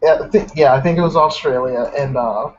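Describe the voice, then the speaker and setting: A man's voice: medium pitch, fairly quick, dull audio, crowd noise. A man in a casual stream chat, telling stories loosely with many fillers. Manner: loose, filler-heavy storytelling.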